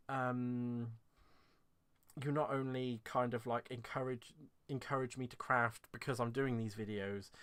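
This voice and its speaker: This English man hosts a craft channel and is giving his live-stream sign-off chat, rambling and heartfelt, close to tears, and laughing whenever he starts over. His voice sits in the mid range, a bit bright and smooth, captured in a dry recording.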